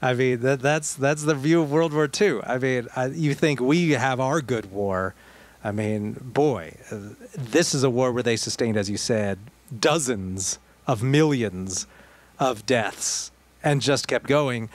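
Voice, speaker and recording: A man of middling pitch co-hosts a political podcast. He talks in a relaxed, meandering way and drops wry asides as he goes. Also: measured pace. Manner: conversational, digressive, with wry asides. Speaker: podcast co-host. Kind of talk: casual political discussion.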